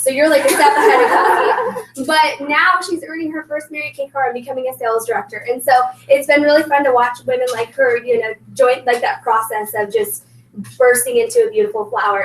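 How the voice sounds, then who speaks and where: A woman's voice: sits high, a bit bright, slight background noise. A woman leading a sales team meeting, chatty and bubbly, full of "like" and "um". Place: meeting room, indoors. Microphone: recorded from across the room. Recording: echoey room from far off.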